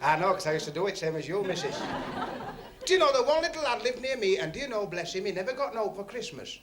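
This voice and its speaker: A man's voice: sits high, big pitch swings, quick pace, a bit bright. A man doing club stand-up comedy, chatting and teasing the audience and laughing at his own jokes. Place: working men's club stage on TV. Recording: noisy 1970s TV recording, laughing club crowd.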